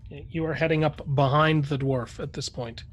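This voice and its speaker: A man's voice: a little high, steady tone, brisk, muffled recording. A man running a tabletop game as game master, narrating with many fillers and restarts.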